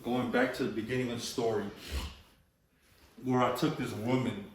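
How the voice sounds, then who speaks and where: Profane street-talking storyteller, echoey and distant. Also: male voice, mid-range voice, steady tone, normal speed, a little hiss or hum. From Los Angeles. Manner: profane street-slang storytelling, says "bro" and "you know" a lot. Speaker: graffiti artist, interview guest. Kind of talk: casual storytelling interview. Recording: echoey room, mic at a distance.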